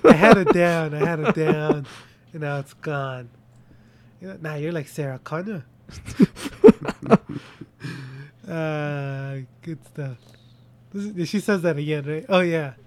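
A man's voice: fairly high pitch, takes it slowly, long pauses. A young man chatting casually about a movie as a podcast co-host, rambling and joking, often trailing off mid-sentence. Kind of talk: casual movie review chat.

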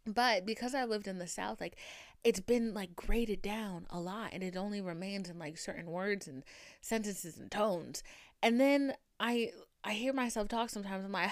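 A woman's voice: mid-range voice, normal speed, no room sound, clean studio sound. Chatty woman with a light Boston accent. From Boston area, US. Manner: animated, rambling, profane. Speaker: podcast host. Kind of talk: casual chat.

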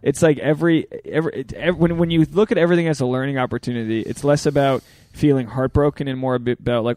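A male podcast host with a mid-range voice muses out loud, loose and casually profane, with plenty of "like" fillers. The recording is close and dry. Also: medium pitch, fast, hardly any pauses, no echo.

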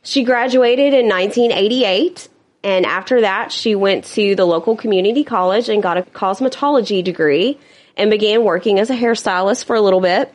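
A woman's voice: mid-range voice, normal speed. A woman co-hosting a true-crime podcast, chatting casually, laughing often and tossing in blunt asides. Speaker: podcast co-host.

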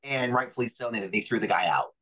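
A pro wrestler guest tells stories from his career in a casual interview, chatty and full of fillers and acted-out quotes. His medium-pitched voice is quick, husky and a bit bright, and the recording is rough.

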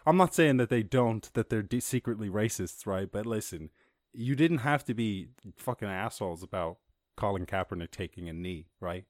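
A man hosting a casual podcast, ranting about the news in a profane, animated way, full of laughs and asides. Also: fairly low pitch, normal speed, no room sound, studio quality. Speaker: podcast host.

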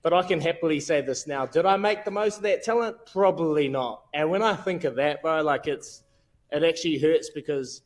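A man's voice: a little high, fairly quick. New zealand man in his thirties, candid and self-mocking, easy storytelling, lots of slang. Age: 30s. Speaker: podcast guest. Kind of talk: casual storytelling chat.

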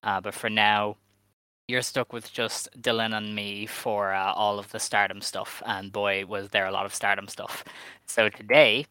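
A man co-hosting a casual podcast, walking through the news in a steady, methodical way with "um" fillers. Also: fairly low pitch, measured pace, clean tone, no room sound. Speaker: podcast co-host.

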